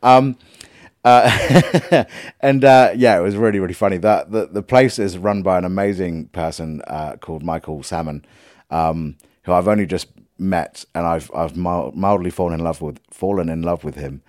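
A man's voice: low-pitched, steady tone, moderate pace, a little mellow, no room sound, clean studio sound. A middle-aged man from England hosting a podcast, talking casually with many ums, restarts and self-deprecating jokes. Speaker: podcast host and musician. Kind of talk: casual rambling monologue.

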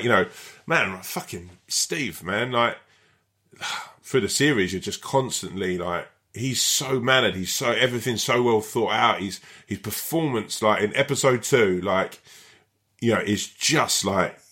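A man's voice: lowish voice, fairly bright tone. A man, an actor talking casually in an interview, rambling with lots of fillers and frequent swearing. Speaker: actor and guest.

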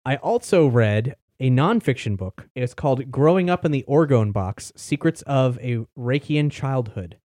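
A man's voice: medium pitch, expressive, measured pace, hardly any pauses, a little mellow, dry recording, clean studio sound. A man hosting a podcast, chatting casually and rambling about books he has read, with the odd swear word. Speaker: podcast host reviewing books. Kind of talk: casual chat.

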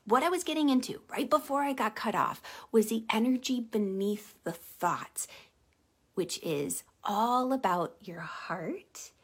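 A woman hosting a casual motivational livestream, telling stories animatedly and dropping to a soft hush on key points. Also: fairly high pitch, unhurried, slightly rough. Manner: animated storytelling with acted-out quotes. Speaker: live stream host, empath coach.

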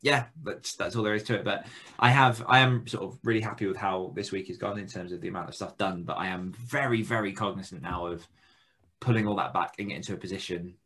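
A man's voice: deep voice, quick pace, fairly bright tone, husky. A man hosting a podcast, chatting casually in a jokey, teasing, rambling way. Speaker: podcast host. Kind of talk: casual chat.

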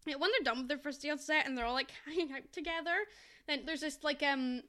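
A woman co-hosting a podcast in casual chat, lively and acting out lines from a film in put-on voices. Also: sits high, fast. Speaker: podcast co-host.

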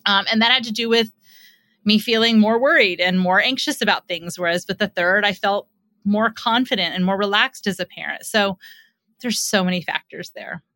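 Middle-aged woman therapist talking on a podcast, bright tense voice, super dry close sound, chatty with lots of you-knows. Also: medium pitch, normal speed, dry recording. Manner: explanatory, warm and conversational, with many fillers. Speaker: guest psychotherapist and author. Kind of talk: podcast interview conversation.

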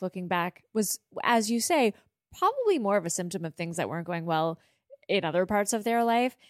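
A woman podcast host reflects on her own childhood in a measured, unhurried way, swearing now and then. Her voice is on the lower side and sounds dry and close. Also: no echo. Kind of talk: casual chat.

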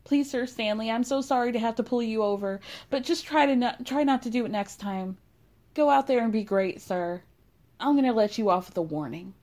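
A woman's voice: fairly high pitch, a little fast, darkish tone, lightly acted. A woman doing an apologetic police officer. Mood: deferential. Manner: apologetic, deferential. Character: overly polite male police officer.

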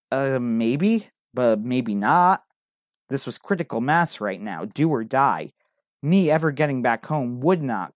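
A man's voice: mid-range voice, dry recording, studio quality. A man reading a first-person adventure story aloud in an earnest, dramatic way. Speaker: narrator.

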